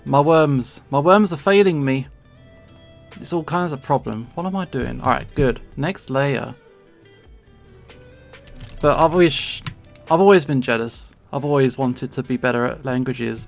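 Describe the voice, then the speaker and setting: A streamer from England with a London accent, chatting casually and rambling while drawing, self-deprecating and quick to laugh. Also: medium pitch, creaky. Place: home streaming setup.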